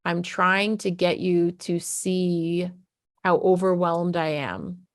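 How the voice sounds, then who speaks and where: Frank, low-voiced parenting coach woman. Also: slow, no echo, studio quality. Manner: frank and casual, swears freely. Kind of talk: candid talk to parents.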